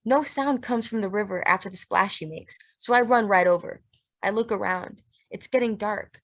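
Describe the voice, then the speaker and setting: A woman narrating a literary audiobook in a steady, measured, plain way. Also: mid-range voice.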